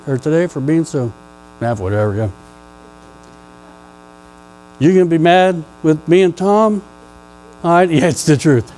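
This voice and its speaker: Slow-talking male pastor preaching. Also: a little high, a little hiss or hum, low-quality recording. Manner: conversational, playful, jokes with the congregation; swings from quiet to loud emphatic questions. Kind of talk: sermon. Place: church sanctuary.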